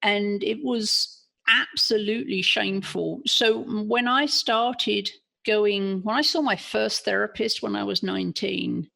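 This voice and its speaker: English woman guest, gravelly, husky, earnest self-analyzer, restarts a lot. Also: medium pitch, a little slow, bright, forceful tone. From England. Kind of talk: candid personal storytelling.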